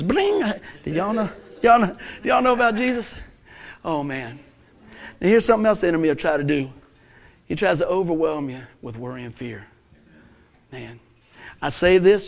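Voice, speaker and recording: A middle-aged man preaching a sermon as pastor, animated and joking, telling stories and acting out voices. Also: on the high side. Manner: animated, joking storyteller who acts out voices.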